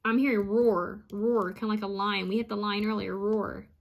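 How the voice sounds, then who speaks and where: A woman psychic medium reading out channeled messages, repeating each word she hears and pausing often with ums. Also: mid-range voice, steady tone. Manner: hesitant with frequent ums.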